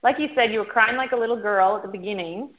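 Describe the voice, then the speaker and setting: A woman's voice: mid-range voice, fast. A woman interviewing a guest in a casual chat, prompting him with questions. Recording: dull lo-fi sound.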